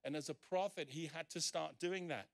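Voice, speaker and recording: A man's voice: on the high side, moderate pace, creaky. A male pastor preaching emphatically at a church service, acting out the scripture quotes he reads. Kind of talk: sermon.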